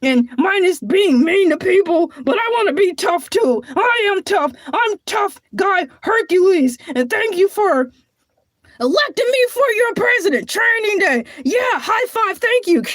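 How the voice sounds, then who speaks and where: A woman voicing a boastful male cartoon shark who hosts a comedy show, squeaky and sing-song with frequent sighs. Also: sing-song, measured pace, dry recording, studio quality, full character voice. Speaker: show host. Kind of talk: comedy character monologue.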